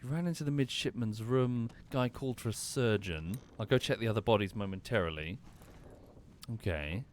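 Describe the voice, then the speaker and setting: A man's voice: fairly low pitch, moderate pace, a little hiss or hum. A man streaming a game, thinking aloud as he plays, apologizing and correcting himself along the way. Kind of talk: casual gameplay commentary.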